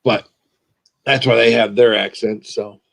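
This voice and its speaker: A man's voice: mid-range voice, little pitch movement, unhurried, vocal fry. A man from Michigan hosting a casual video chat, talking in a rambling, chatty way that repeats itself. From Michigan, USA. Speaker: channel host.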